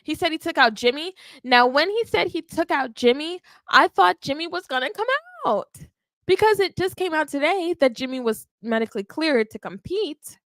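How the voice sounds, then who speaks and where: A woman hosting a wrestling podcast, recapping a live show in an animated, emphatic way and often checking in with "okay?". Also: high voice, normal speed, no echo. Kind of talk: live watch-along recap.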